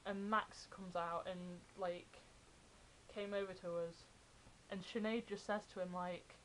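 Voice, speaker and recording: A woman's voice: lowish voice, unhurried, slight background noise, poor audio. Chatty young woman vlogger. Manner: chatty, excited retelling of fan anecdotes. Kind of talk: casual storytelling vlog.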